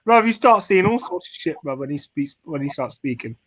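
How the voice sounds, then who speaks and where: A man's voice: a little high, animated, brisk, a bit bright, no echo. A man chatting casually on a podcast, rambling and slangy, laughing often. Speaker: podcast co-host. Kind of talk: casual chat.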